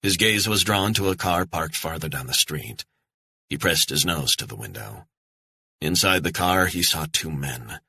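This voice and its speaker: Low husky male thriller narrator. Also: expressive, bright, forceful tone. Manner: grim, measured. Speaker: audiobook narrator.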